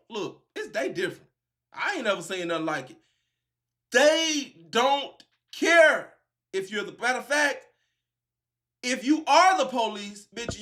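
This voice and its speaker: A man hosting a casual reaction video, animated and profane, laughing and breaking into shouts. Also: high-pitched.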